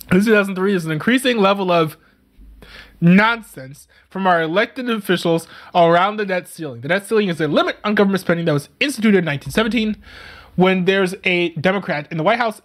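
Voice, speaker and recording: Laughing, mocking commentator. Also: medium pitch. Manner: mocking, laughs often while talking; reads text aloud and scoffs at it. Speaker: streamer reacting to an article. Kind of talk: casual reaction commentary.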